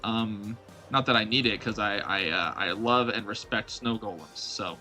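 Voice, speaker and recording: A man's voice: fairly low pitch, moderate pace, bright, forceful tone, faint music behind. A young man streaming live gameplay, chatting playfully with his viewers and mocking his own blunders. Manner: playful, self-mocking, talks to chat.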